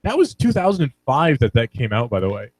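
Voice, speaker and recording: A playful man in his twenties trades jokes in casual radio banter, his pitch lively and bouncing. The voice is dry and close in a radio studio. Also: quick pace, no echo, low-quality recording. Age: 20s. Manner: joking, playful. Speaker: radio co-host.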